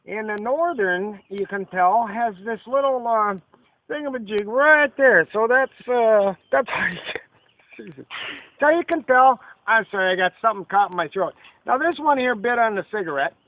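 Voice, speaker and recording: A man hosting an ad-libbed mock fishing show outdoors by a river, rambling in a deadpan way with lots of fillers. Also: high voice, normal speed, no room sound. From Texas. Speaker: comedy fishing show host. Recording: lo-fi camcorder audio outdoors.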